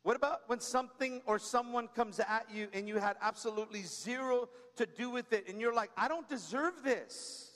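With a light, high, somewhat bright voice, this pastor keeps his sermon conversational, telling funny personal stories and treating listeners like friends. Frequent quick prompts of "come on" and "right?" fill the talk, each trailing into the lingering echo of a big church hall.

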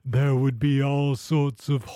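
A man's voice: medium pitch, flat delivery, slow, dark tone, no room sound, studio quality. A man hosting an improvised comedy podcast, with a prim, genteel interviewer tone. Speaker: host.

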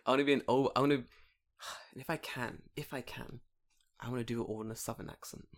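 A young man in his late twenties trading stories on a casual podcast. His voice sits at an ordinary middle pitch and he tells things with lots of energy, swearing freely and breaking into laughter. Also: fast talker, gravelly. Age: 20s. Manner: animated, swearing, laughing storyteller. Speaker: podcast co-host. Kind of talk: casual chat.

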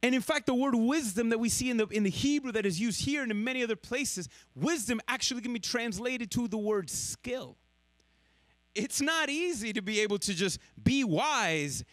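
A man preaching a sermon, swinging from loud emphatic lines to hushed, slow ones. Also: extremely high pitch, animated, no echo. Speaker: pastor.

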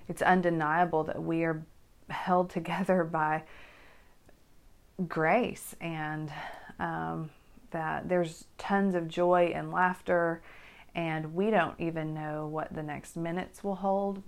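A middle-aged American woman with a low, gravelly voice. She speaks slowly and reflectively, with frequent pauses. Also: level tone. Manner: gentle, reflective, hesitant with many ums. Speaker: co-host, wife. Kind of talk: casual chat, poem reading.

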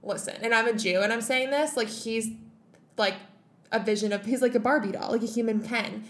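A woman's voice: a little high, steady tone, a little fast. A young woman co-hosting a casual podcast chat, telling stories with sarcasm and frequent swearing. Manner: sarcastic, profane storytelling. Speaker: co-host, entertainment reporter.

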